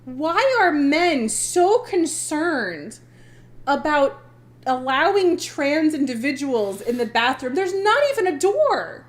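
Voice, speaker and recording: A high-pitched woman co-hosting a casual podcast chat. Her voice swings widely and expressively as she rants and laughs along. She sounds like she's in her thirties. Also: takes it slowly. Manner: animated, laughing, self-described passive aggressive. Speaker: podcast co-host.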